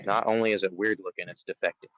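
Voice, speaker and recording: A man's voice: sits low, steady tone, fast talker, a bit bright, no room sound, low-quality recording. A man chatting on a live fishing stream outdoors by the water, playfully taunting the fish he is after. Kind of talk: casual live-stream chat.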